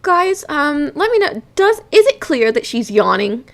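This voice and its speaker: A woman's voice: high voice, very animated, unhurried, vocal fry, a bit bright. A woman chatting on a live stream while working on her comics, giggly and self-deprecating. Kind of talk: casual live-stream chat.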